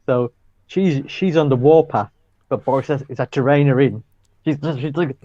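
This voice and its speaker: A man's voice: mid-range voice, normal speed, warm tone, dry recording, dull audio. A British man co-hosting a podcast, teasing his partner in a dry, joking way. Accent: British English. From Indian heritage. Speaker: podcast co-host. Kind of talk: casual comedic chat.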